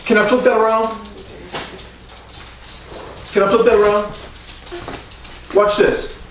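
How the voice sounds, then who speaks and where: A man preaching a sermon as pastor, leading the congregation in call-and-response and rising at times to shouts. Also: high voice, little pitch movement, takes it slowly, heavy reverb, recorded from a distance, a little hiss or hum, rough recording.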